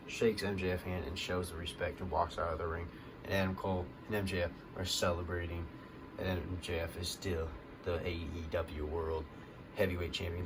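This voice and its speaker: A man hosting a wrestling vlog, recapping a show in a casual, rambling way with lots of fillers, getting excited at the big moments. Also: low-pitched, noisy background. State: hiccups.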